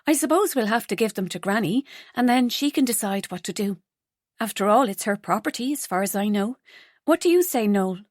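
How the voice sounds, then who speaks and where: A woman narrator voicing a warm, earnest young heroine with an emotional, bright delivery. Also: medium pitch, animated, a little fast, dry recording, clean studio sound, lightly acted.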